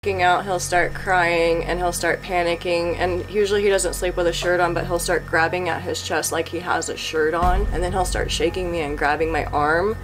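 A woman's voice: on the low side, level tone, normal speed, few pauses, faint music behind, rough recording. A mother giving an earnest, worried account in a documentary interview. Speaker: mother describing her home.

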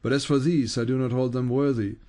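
A man's voice: medium pitch, fairly even intonation, a little fast, warm tone, close to an everyday voice. A man reading as a steadfast old bishop. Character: elderly male bishop, calm and unyielding.

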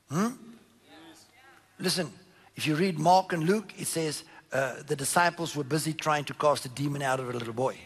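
A man preaching a sermon, reading scripture aloud and commenting on it with emphatic swings between loud declarations and low murmurs. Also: brisk, husky.

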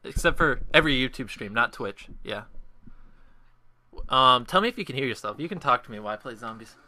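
On a gaming livestream, a male streamer chats casually, rambling to himself while he plays and talking with a friend on a call. His medium-pitched voice is animated, a little fast, bright, and forceful.

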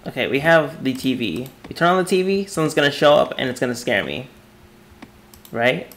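A man commentating a horror game he is playing, jumpy and excitable, yelping and screaming at scares, his throat dry from yelling. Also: medium pitch, moderate pace, slight background noise. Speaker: gaming YouTuber. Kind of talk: horror let's play commentary.

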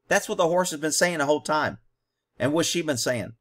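A man's voice: a little high, a little fast. A man hosting a commentary on a training video, talking bluntly and combatively in short, punchy explanations.

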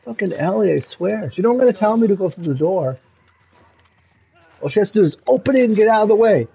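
A man streaming a video game, swearing, yelling and pleading at the screen in frustration. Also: high voice, animated, brisk, creaky, lo-fi sound. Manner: profane, yells and pleads at the game. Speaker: gamer streamer. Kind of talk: live gameplay commentary.

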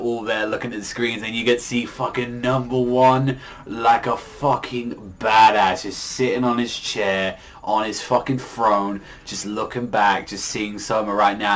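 Man, mid-pitched, casual comic reviewer, slangy and profane, rambling delivery. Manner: loose, profane, filler-heavy slang. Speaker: manga reviewer.

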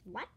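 A woman performing a playful toy skit, excitably switching between character voices. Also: slight background noise.

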